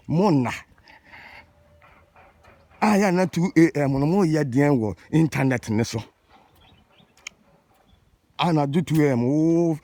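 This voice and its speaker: A man's voice: mid-range voice, a little mellow. A man from Ghana with a Ghanaian accent, scolding and ranting in an exasperated casual monologue. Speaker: vlogger.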